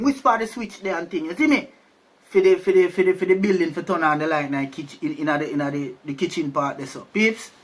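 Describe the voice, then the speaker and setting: Jamaican male storyteller, high pitched, loose and conversational. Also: fairly bright tone. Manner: chatty, keeps asking "you see me?". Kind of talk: casual storytelling.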